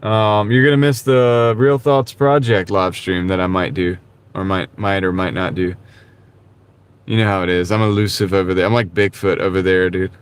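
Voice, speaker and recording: A man's voice: low-pitched, steady tone, normal speed, smooth. Laid-back man chatting from his car. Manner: laid-back and rambling, says "dude" often. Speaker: live-stream host. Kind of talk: casual live-stream chat, answering viewers. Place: in a car while gig driving. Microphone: wireless clip-on mic.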